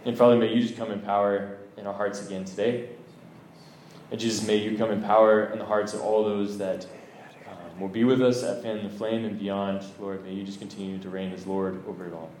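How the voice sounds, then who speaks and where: A man leading a slow, halting spoken opening prayer, repeating Lord between phrases. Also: lowish voice, little pitch movement, darkish tone, slight background noise. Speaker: prayer leader. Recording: echoey room with faint ambience.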